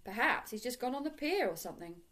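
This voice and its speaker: A woman's voice: on the high side, very animated, fast, fairly bright tone, voice pushed up. A woman reading aloud, voicing a practical, doubtful adult male lifeguard in a storybook. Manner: doubtful, matter-of-fact.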